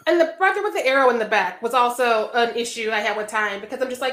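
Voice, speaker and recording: A woman co-hosting a casual movie podcast, wry and quick to laugh, acting out quotes as she talks. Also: on the high side, fairly bright tone, roomy sound. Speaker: podcast co-host. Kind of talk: casual film discussion.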